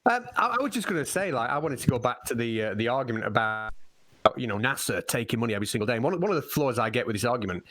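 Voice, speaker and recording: A man in a casual online panel chat, speaking haltingly and with many fillers. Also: mid-range voice, animated, a bit bright, dry recording.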